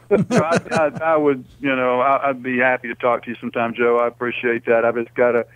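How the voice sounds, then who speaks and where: A male caller talking earnestly to a radio host, halting and restarting often. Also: medium pitch, steady tone, a bit bright, clean tone, no echo. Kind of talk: casual phone chat. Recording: dry tinny phone line.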